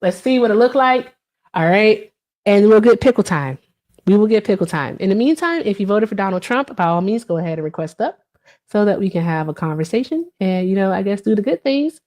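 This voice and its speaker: A woman's voice: medium pitch, expressive, a little fast, a little mellow. A woman in her thirties chatting casually on a live stream, reading and answering viewer comments, with many fillers.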